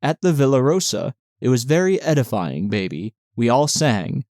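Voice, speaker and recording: A man's voice: mid-range voice, big pitch swings, normal speed, a little mellow, no room sound, clean studio sound. A man voicing a mocking, playful young male army surgeon in an audiobook. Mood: teasing.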